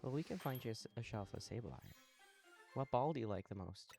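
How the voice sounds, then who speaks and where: A man live-streaming a game, chatting casually with viewers while he plays, relaxed and a little sleepy. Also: mid-range voice, fast, gravelly, faint music behind. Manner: relaxed, talks to chat while playing, yawning.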